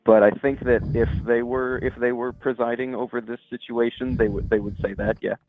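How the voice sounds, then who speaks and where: A man's voice: medium pitch, little pitch movement, a little fast, phone-quality sound, faint music behind, close to an everyday voice. A man doing a timid stammering devil. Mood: earnest. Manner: stammering, hesitant. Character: timid soft-spoken male devil, nervous normal guy. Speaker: caller. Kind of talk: improvised comedy call-in bit.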